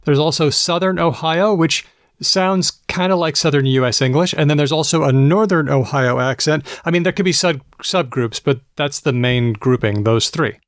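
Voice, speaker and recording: A man's voice: a little high, no echo, clean studio sound. A man co-hosting a casual podcast chat, explaining research and teasing his co-hosts. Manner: explanatory, teasing, quick to laugh. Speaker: podcast co-host presenting research.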